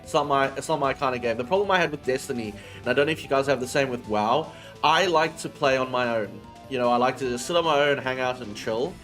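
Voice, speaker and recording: A man's voice: mid-range voice, quick pace, a bit bright, faint music behind. A man chatting casually with his chat audience on a livestream. He swears freely and drifts between topics.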